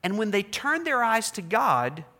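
Bright, high-voiced preacher in a hall. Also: male voice, sing-song, a little slow. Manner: preaching with dramatic voiced prayers, rising and dropping loudness. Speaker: pastor. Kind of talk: sermon.

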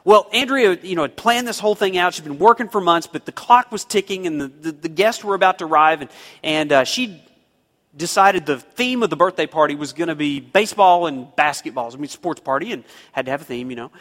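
A man's voice: fairly high pitch, expressive, brisk, a bit bright, big-room sound. A man preaching a sermon, telling a homespun story and rising into emphatic pleas. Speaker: pastor.

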